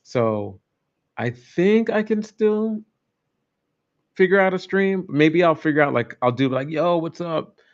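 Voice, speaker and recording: A man's voice: high-pitched, expressive, unhurried, long pauses. A man hosting a casual livestream, rambling and joking as he chats with viewers. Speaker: livestream host. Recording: dull lo-fi stream audio.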